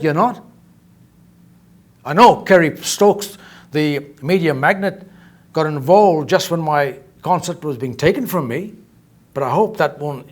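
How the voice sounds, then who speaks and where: A man making an emphatic, accusatory statement at a press conference, repeating his key phrases. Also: on the high side. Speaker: inventor speaking at a press conference.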